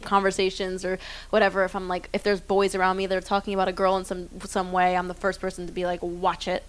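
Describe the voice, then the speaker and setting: A woman's voice: mid-range voice, monotone, fast, a little hiss or hum. A woman in her twenties, a singer being interviewed on a theater stage, talking in a chatty, bubbly, self-deprecating way. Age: 20s. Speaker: guest singer. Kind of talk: live onstage interview. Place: theater stage before an audience.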